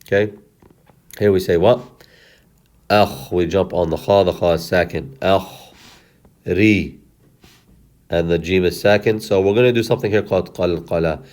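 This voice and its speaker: A man teaching reading step by step, sounding out words syllable by syllable and repeating them slowly, with apologetic self-corrections. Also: sits low, steady tone, darkish tone.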